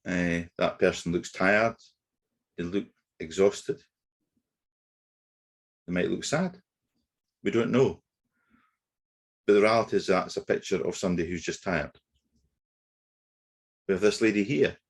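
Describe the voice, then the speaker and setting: A man leads a negotiation training webinar, speaking in a low, slightly husky voice. He explains concepts steadily and methodically, with the odd filler as he goes. It sounds like a computer mic on a video call. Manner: measured explanatory delivery with occasional fillers. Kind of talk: webinar lecture.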